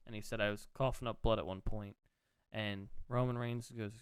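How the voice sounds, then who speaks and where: Man, casual podcast chat, excitable, rambling, smooth clear voice, dry close sound. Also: fairly low pitch, normal speed, no room sound. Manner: rambling, excitable, swears freely. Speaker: podcast co-host.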